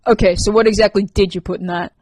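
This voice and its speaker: A woman reading an audiobook, voicing a calm, skeptical teenage boy who speaks in a dry, probing way. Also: mid-range voice, fast talker, no room sound, lightly acted.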